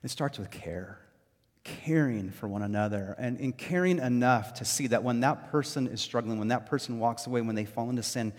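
Man, pastor, sermon, conversational, lots of fillers, mid-pitched, long hall reverb. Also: moderate pace. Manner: conversational, animated storytelling with many fillers.

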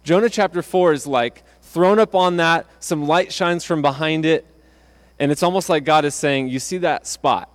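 A male pastor delivering a sermon in a relaxed, conversational style. His voice sits a little on the high side, and he often repeats a word as he restarts a phrase. He acts out the lines of the people he is quoting. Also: normal speed. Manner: conversational preaching with restarts, acting out quotes.

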